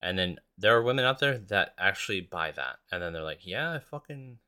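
Deep, bright-toned man rambling casually. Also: expressive, fairly quick, clean tone. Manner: profane, self-mocking, laughs often; rambling with restarts. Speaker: podcast host. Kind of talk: casual solo podcast chat.

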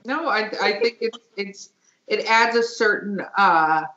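A woman's voice: mid-range voice, measured pace, bright, forceful tone. A woman hosting a podcast in casual chat, joking and laughing a lot, a bit tipsy. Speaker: podcast host. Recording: echoey room, dull lo-fi sound.

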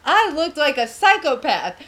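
A middle-aged woman, co-host of a talk show, speaks in a high, sing-song, fairly bright voice at a moderate pace. Laughing often and swearing without restraint, she tells a personal story in frank, candid chat.

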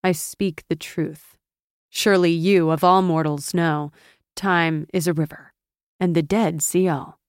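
A woman voicing a menacing male ghost, speaking slowly and ominously in an audiobook. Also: on the low side, steady tone, clean tone, dry recording, clean studio sound, natural voice.

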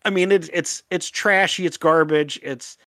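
A man co-hosting a podcast in casual chat, animated and often laughing. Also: on the high side, moderate pace, no room sound, studio quality. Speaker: podcast co-host.

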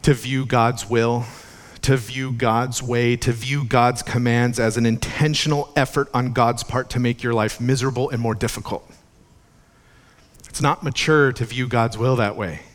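A man's voice: medium pitch, steady tone, a little slow. Male pastor preaching, laid-back and chatty, then gets fired up and emphatic. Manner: conversational preaching, rising to fervent emphasis. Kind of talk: sermon. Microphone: podcast recording of a church sermon.

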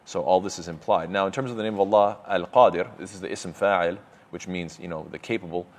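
A man teaching a religious lesson, explaining terms with many fillers and restarts and quick Arabic quotations. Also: low-pitched. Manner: reads Arabic quotes quickly. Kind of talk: explaining a lecture.

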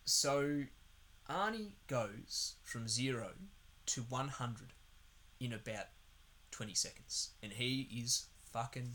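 A man's voice: mid-range voice, slow, pushed and bright, a little hiss or hum. A man co-hosting a podcast, chatting casually and sarcastically about a film, swearing often and rambling. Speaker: podcast co-host. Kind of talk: casual film review chat.

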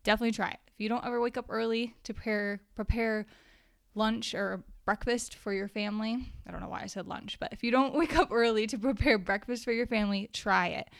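A young woman gives a casual devotional Bible study in an earnest, conversational way. She reads the verses aloud. Her voice has a gravelly fry, and the sound is dry and close. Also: fairly high pitch, steady tone, fairly quick, dry recording.

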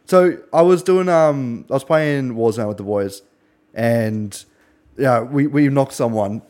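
Husky hungover man hosting a podcast. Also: mid-range voice, slow pace, a little mellow. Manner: crude, joking, lots of swearing. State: husky from a hangover. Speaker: podcast host. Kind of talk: casual chat.

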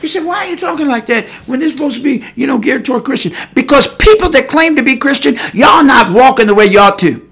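A man's voice: very high voice, animated, fast, creaky, hardly any pauses, fairly bright tone, breathy edge. A man preaching a podcast sermon in a fiery, scolding way, with loose colloquial speech and repeated rhetorical "huh?" asides.

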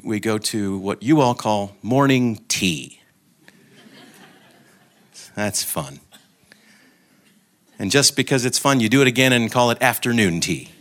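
A man's voice: medium pitch, fairly bright tone. A man giving an informal talk to a group, telling anecdotes and joking, with frequent restarts. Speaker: guest speaker.

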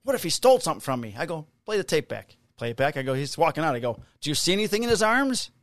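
A man's voice: a little high, big pitch swings, racing, no echo, clean studio sound. A middle-aged man on a podcast, casually telling a work story, swearing freely and acting out the people he quotes in a raised voice. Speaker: podcast co-host, police officer.

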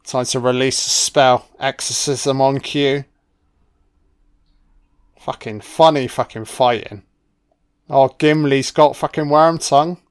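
Male commentator, laid-back and sweary, slow delivery. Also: mid-range voice, clear, resonant tone. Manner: relaxed, profane, admiring asides. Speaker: film commentator. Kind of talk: casual film commentary.

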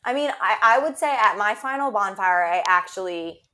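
A woman's voice: medium pitch, expressive, pushed and bright, slight background noise. Young woman cohost, chatty and agreeable, laughs at herself a lot. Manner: agreeable, quick to back up her co-host, self-deprecating. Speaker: podcast co-host. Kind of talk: candid casual chat.

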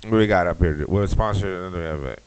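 A man with a very low voice rambles through a crude comedic rant as a podcast host. His loose, swearing delivery sounds close and dry. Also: fairly quick, clear, resonant tone, no echo, rough recording.

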